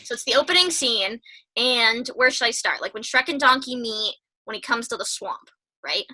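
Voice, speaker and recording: A woman's voice: fairly high pitch, expressive, moderate pace, pushed and bright. A young woman co-hosting a podcast in casual, giggly chat. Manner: giggly and chatty. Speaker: podcast co-host.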